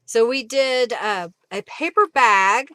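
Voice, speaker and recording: A woman's voice: on the high side, slow pace, a bit bright, clear, resonant tone, no room sound. A woman with an Oklahoma accent hosting a live crafting stream, chatting with viewers and thanking them by name. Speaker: craft livestream host. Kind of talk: casual live-stream chat.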